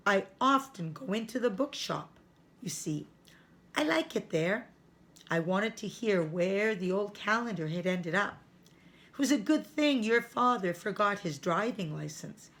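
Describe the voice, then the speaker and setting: A woman's voice: mid-range voice, animated, fairly bright tone. A woman doing a kindly old flower seller. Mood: warm, amused. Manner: friendly, chuckling, unhurried. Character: elderly male flower seller, kind, foreign-sounding.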